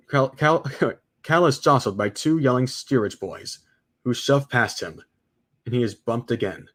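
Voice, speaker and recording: A man streaming a casual script read-through, excitable and exclaiming at his own slips. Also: mid-range voice. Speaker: streamer reading a film script aloud.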